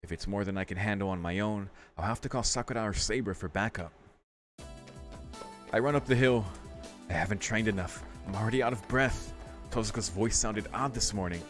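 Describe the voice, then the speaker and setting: A man's voice: lowish voice, brisk, a bit bright. A man hosting a let's play, reading a visual novel's text aloud and breaking off to react casually, now and then with a swear. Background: faint game music.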